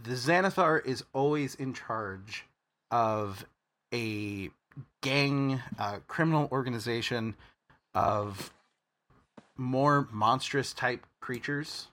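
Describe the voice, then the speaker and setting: A man running a tabletop game, speaking slowly and explaining things step by step. His voice has a bright, sharp edge. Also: medium pitch. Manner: measured, explanatory. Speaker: game master.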